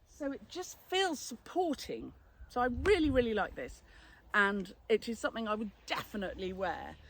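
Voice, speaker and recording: A woman's voice: mid-range voice, a little hiss or hum. A woman, a flower farmer and florist, giving a chatty, cheerful product review and laughing often.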